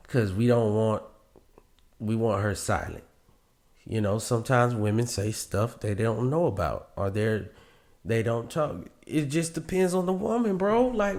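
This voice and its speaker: A man hosting a podcast, reacting to a clip and giving dating advice in a lively, mocking way, often laughing. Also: mid-range voice. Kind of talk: reaction commentary.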